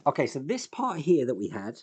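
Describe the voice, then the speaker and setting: A man's voice: mid-range voice, huge pitch swings, brisk, darkish tone, husky. Man thinking aloud over a fiddly build. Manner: thinks aloud while working, self-deprecating, sighs and chuckles. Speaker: host, scale model builder. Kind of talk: casual build commentary.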